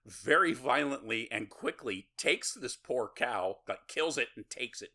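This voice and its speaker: A man hosting a podcast, casually retelling a horror movie with laughs, swearing and quick quoted lines. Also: medium pitch, animated, pushed and bright. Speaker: podcast host. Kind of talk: casual movie recap chat.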